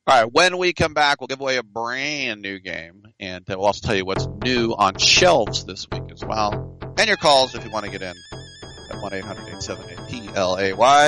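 A man's voice: on the low side, lively intonation, moderate pace, over music, poor audio. A man hosting a radio talk show, chatting casually with a rambling, joking delivery and lots of fillers. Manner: rambling, jokey, many fillers.

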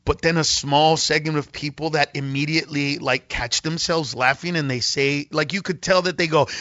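Man, comedian, animated storytelling, acts out voices, bright tone, dull dry recording. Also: on the high side, normal speed, dry recording. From Mexican-American. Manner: acts out voices in stories, laughs often. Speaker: comedian guest.

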